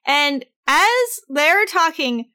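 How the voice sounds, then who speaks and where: A woman co-hosting a casual film discussion podcast, animated and swearing casually. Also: high-pitched, very slow. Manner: lively, animated, swears casually, laughs often. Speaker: podcast co-host.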